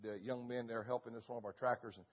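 An older man, a pastor, telling a story in a sermon, animated and full of sound effects. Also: mid-range voice, fast, dull audio.

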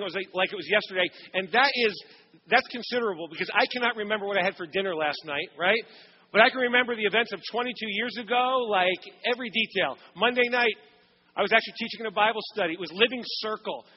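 Middle-aged male pastor, animated sermon storyteller, high voice, dull recording with long church reverb. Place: church sanctuary.

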